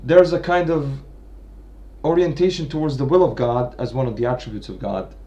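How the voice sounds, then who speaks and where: A man's voice: medium pitch, fairly even intonation, normal speed, mellow, dull audio. A man giving an unscripted analytical talk on a literary work, thinking aloud with frequent restarts and tag questions. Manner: thinking aloud, many restarts and "right?" checks. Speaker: literature commentator.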